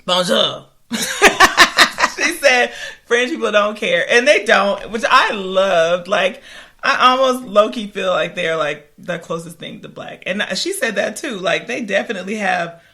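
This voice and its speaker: A woman's voice: medium pitch, normal speed. A woman in her thirties co-hosting a casual chat podcast, telling a story with lots of laughter. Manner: animated storyteller, laughs often. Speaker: podcast co-host.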